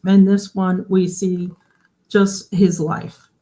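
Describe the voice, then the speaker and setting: Woman, livestream host, mid-pitched, casual and chatty, explains and asks viewers questions. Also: little pitch movement, slow pace, warm tone. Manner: chatty, explains while showing pages, often asks the audience questions.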